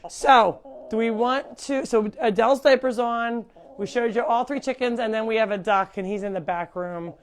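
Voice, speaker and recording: Her voice is a little high and her pace moderate. A chatty middle-aged woman, she runs a casual live stream from the animal sanctuary at her home and addresses her pets in a sing-song, baby-voiced way.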